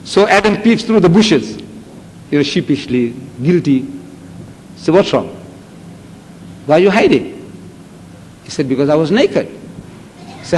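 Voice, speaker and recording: An older man with a South African Indian accent giving a religious lecture, telling stories with animated acted-out voices. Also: a little high, normal speed, pauses often. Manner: animated storytelling, acting out voices with rising shouts. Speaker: Islamic lecturer. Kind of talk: public lecture to an audience. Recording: echoey hall with faint background noise.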